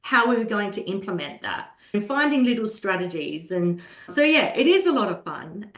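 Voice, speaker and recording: A woman talks with calm, earnest warmth, at a middle pitch for a woman. Her voice carries a noticeable room echo. She sounds like a guest explaining her work in a relaxed interview. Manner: calm, earnest, slows down when acting out soothing a child. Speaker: guest, children's holistic health practitioner. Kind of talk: conversational interview. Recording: roomy echo.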